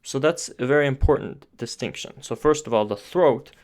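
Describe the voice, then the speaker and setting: A man's voice: medium pitch, moderate pace, a little mellow. Man explaining singing technique. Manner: talks with his hands, pointing to parts of his throat and face; restarts sentences while thinking aloud. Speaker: voice teacher.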